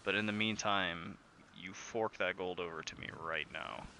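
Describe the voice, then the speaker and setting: A man's voice: low-pitched, steady tone, moderate pace, pushed and bright, a little hiss or hum. A man voicing a stern, commanding male ship captain in a tabletop game.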